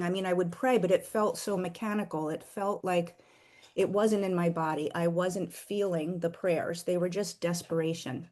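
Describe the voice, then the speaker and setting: A middle-aged woman earnestly sharing a personal faith story, slowing down for emphasis. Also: on the low side, steady tone, warm tone. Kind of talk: heartfelt personal testimony.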